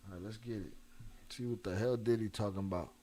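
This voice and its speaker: A man's voice: fairly low pitch, fairly even intonation, fast, mellow. A man hosting a casual live stream, talking loosely in slang and reading chat messages aloud. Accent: Chicago. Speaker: livestream host reacting to videos.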